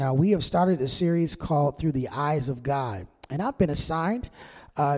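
A man's voice: fairly high pitch, mellow. Male pastor preaching in a reverberant church. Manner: conversational preaching with call-and-response. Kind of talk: sermon. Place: church sanctuary. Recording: long church hall reverb.

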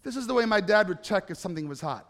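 Man, pastor, New York accent, sermon, storytelling, high voice, long hall reverb. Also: fast talker. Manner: storytelling, acts out quotes, animated rising emphasis.

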